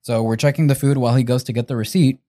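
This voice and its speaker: A man talks quickly in a low, mellow voice as he tells a long story to his friends. He is animated and swears freely, and the sound is dry and close. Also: no room sound. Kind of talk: casual chat.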